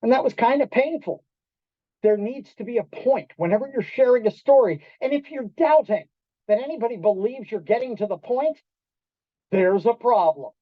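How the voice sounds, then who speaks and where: Man giving an animated storytelling talk. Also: very high voice, moderate pace, no room sound. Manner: animated, acts out quoted voices, quizzes the audience. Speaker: keynote speaker. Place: restaurant event room. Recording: dull lo-fi dry sound.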